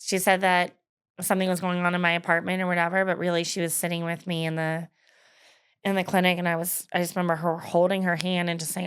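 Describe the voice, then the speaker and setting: A woman's voice: fairly low pitch, level tone, fast talker, a bit bright, clean tone. A woman in her thirties telling her personal story in an interview, candid and hesitant, with frequent fillers and laughs. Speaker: guest.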